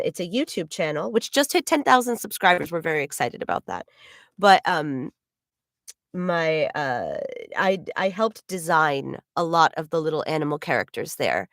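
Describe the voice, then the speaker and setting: A woman's voice: lowish voice, no echo, studio quality. A woman voice actor chatting politely with viewers on a livestream while she draws, with slightly formal wording and little laughs. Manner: chatty, with frequent little laughs and throat clearing. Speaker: voice actor hosting a livestream signing. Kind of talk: casual livestream chat.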